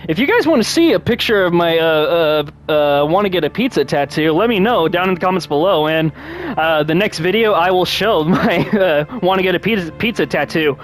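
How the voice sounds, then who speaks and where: A man hosting his own channel, chatting casually and one-on-one with viewers. He rambles, restarts his sentences often, laughs a lot and gets animated when telling a story. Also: sits high, fairly quick. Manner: rambling, with frequent restarts and self-corrections. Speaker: channel host.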